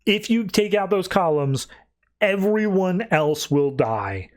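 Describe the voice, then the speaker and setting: A flustered sea king who pleads earnestly, like a worried family man, as a man voices him. The voice stays close to the speaker's own, only slightly raised. It sounds like a casual, low-key impression in a comics chat. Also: expressive, slow.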